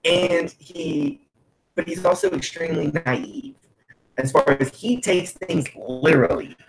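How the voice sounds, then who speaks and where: A man's voice: on the high side, sing-song, unhurried, gravelly, a little hiss or hum, poor audio. A man, a player in the game, chatting casually and agreeing in short bursts. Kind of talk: casual podcast chat.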